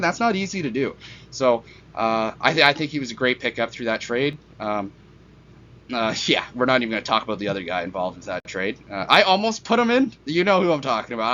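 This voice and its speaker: A man's voice: medium pitch, bright, forceful tone, lo-fi sound, a little hiss or hum. A young man rambling through casual hockey commentary at home, self-deprecating and jokey, with a fan humming behind him. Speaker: hockey vlogger. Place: hot room at home with a fan running.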